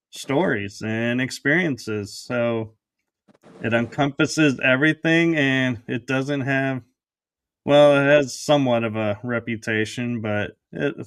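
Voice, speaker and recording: A man with a smooth, resonant voice hosts a relaxed panel conversation. He speaks haltingly and repeats words as he feels his way to an idea. The sound is dry and close. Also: medium pitch, no room sound. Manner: halting, restarts phrases. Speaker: podcast host. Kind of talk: casual panel chat.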